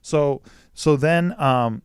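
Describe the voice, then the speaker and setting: Profane, animated man in casual chat. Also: on the high side, extremely slow, clean tone, no echo, studio quality. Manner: animated, swears freely, jumps into mock quotes. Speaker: podcast guest, Batman historian.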